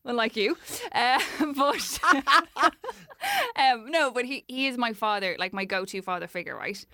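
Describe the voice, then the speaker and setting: A woman's voice: a little high, measured pace, no room sound, clean studio sound. Laughing Dublin Irish woman. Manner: laughs often, animated storytelling. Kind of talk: casual chat.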